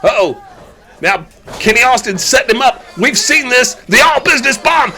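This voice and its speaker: A man calling a wrestling match play-by-play, excitable and often shouting at the big moves. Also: extremely high pitch, moderate pace, faint music behind. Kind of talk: live sports commentary.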